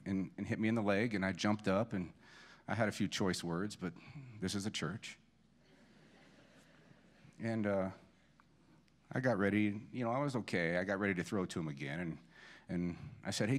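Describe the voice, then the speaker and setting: Deep-voiced man telling funny eulogy stories. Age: 40s. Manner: self-deprecating humorous anecdotes, many restarts. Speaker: family friend giving a eulogy. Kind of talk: storytelling eulogy at a memorial service. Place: church.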